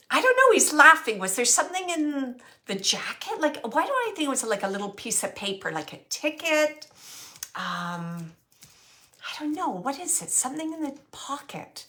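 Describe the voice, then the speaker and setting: Woman, psychic medium, bright voice, halting and searching, thinks aloud, laughs often. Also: sits high, very animated. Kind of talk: relaying a spirit reading.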